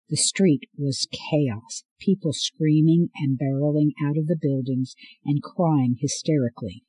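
A man reading an audiobook as narrator in a steady, measured way. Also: mid-range voice, breathy edge, no room sound, poor audio. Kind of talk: scripted narration.

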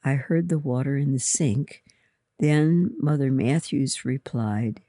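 A reader with a gravelly voice telling a story in first person, slowly and deliberately. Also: medium pitch, mellow, no echo, studio quality.

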